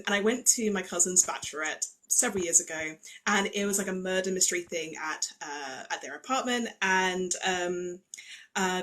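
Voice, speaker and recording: A woman from England who speaks received pronunciation, telling stories as a livestream guest in a polite, measured way. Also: fairly low pitch, fairly bright tone, rough recording. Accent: English received pronunciation. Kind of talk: casual chat. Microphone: webcam or phone mic on a livestream.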